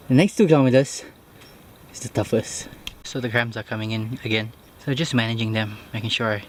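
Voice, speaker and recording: A man's voice: medium pitch, a little hiss or hum. A man narrating his own mountain hike on a handheld camera, out of breath and talking in a matter-of-fact way as he climbs outdoors. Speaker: vlogger. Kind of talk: hiking vlog narration.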